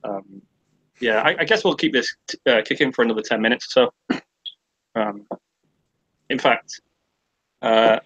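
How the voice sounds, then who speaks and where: A man's voice: medium pitch, measured pace, pauses often, a bit bright, no echo, muffled recording. A young man with a British accent, hosting a stream from a bedroom and chatting casually, sweary and rambling. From Britain. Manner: sweary, rambling, laughs at himself. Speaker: stream host. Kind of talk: casual chat. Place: sister's bedroom.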